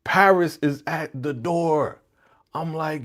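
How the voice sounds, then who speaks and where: A man's voice: fairly high pitch, sing-song, normal speed, a bit bright. A man hosting a live reaction stream, chatting in slang and acting out characters' lines. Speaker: channel host reacting to a TV episode.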